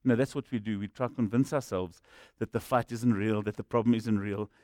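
A middle-aged man preaching a sermon, telling stories that swing from hushed to shouting. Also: fairly low pitch, fairly even intonation, a little fast, no room sound, clean studio sound. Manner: storytelling, swings from quiet to shouting. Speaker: pastor.

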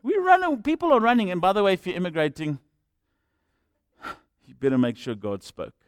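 A man preaching with a lively, rhetorical delivery and a fairly high voice. He works humorous asides into the sermon. The sound is close and dry. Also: normal speed, clean tone, no room sound. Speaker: pastor.

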